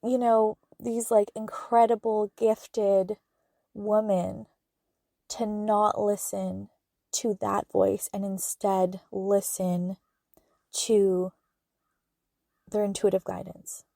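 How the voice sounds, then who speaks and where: Slow, earnest woman podcaster. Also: medium pitch, flat delivery, vocal fry, dark tone, no echo, clean studio sound. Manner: earnest and heartfelt, many fillers. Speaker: podcast host and spiritual medium. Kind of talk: casual solo podcast monologue.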